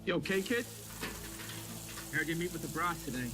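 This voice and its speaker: A middle-aged actor playing a hardened veteran police officer near retirement, pressing and defensive, with a score playing under him. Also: male voice, a little high, normal speed, close to an everyday voice. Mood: weary. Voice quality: hard, pressing. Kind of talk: film drama acting. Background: film score music.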